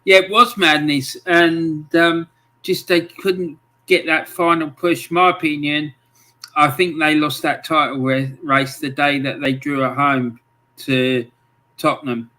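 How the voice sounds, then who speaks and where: Slow-talking bright-voiced man. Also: a little high, steady tone. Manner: friendly, chatty, lots of ums and greetings to viewers. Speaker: livestream host. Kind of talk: casual livestream chat, reading out viewer comments.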